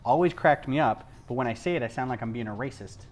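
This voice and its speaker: A man hosting a casual livestream from home, rambling onto tangents, losing his thread and filling pauses with ums. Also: mid-range voice, expressive. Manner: frequent ums and restarts. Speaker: livestream host. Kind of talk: casual chat while building.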